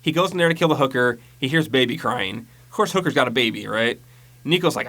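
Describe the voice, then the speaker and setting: A man's voice: medium pitch, fast, fairly bright tone. A man casually recapping a horror movie on a podcast, rambling and profane, mocking the plot and mimicking lines. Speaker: podcast co-host.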